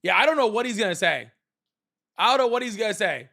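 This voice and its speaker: A man's voice: high-pitched, animated, fast talker, gravelly, bright, forceful tone. A man hosting a live call-in debate stream, ranting casually in a sarcastic, mocking way and swearing freely. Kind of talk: casual livestream rant.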